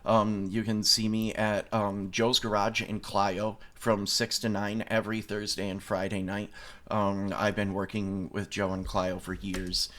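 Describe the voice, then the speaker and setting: A man with a fairly low voice, talking casually as a guest on an interview show. He rambles through his anecdotes, restarting sentences and breaking into laughter, and he comes across as someone from the United States. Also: flat delivery, measured pace, fairly bright tone. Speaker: guest illusionist.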